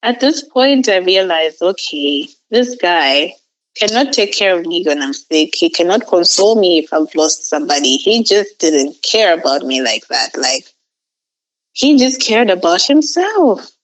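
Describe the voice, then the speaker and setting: A woman's voice: fairly low pitch, very animated, a little slow, rough recording. A young woman, a podcast guest, telling a personal story casually, rambling with many filler words.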